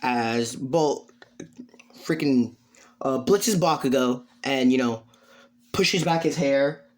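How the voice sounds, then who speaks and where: A man's voice: mid-range voice, slow. Rambling male storyteller. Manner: rambling, many fillers. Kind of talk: improvised fan story narration.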